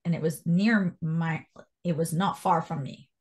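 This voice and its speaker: With a deep, unhurried voice, a woman from Canada in her thirties shares her life story as an interview guest. She quotes others animatedly, her voice jumping with energy.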